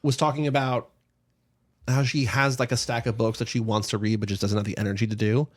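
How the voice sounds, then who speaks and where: A man's voice: medium pitch, level tone. A man co-hosting a book podcast, chatting casually and reading out listener questions. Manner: fast, chatty, reads listener questions aloud. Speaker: podcast co-host.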